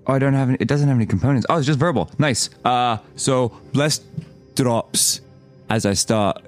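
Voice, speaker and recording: A man's voice: mid-range voice, moderate pace, soft background music. A man playing a tabletop game, describing his character's actions loosely and playfully. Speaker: player. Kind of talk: casual tabletop play.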